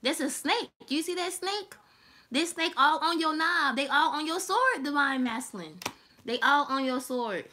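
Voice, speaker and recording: Bright, high-voiced woman reading tarot. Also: a little slow. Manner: animated, laughing, profane and teasing. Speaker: tarot reader.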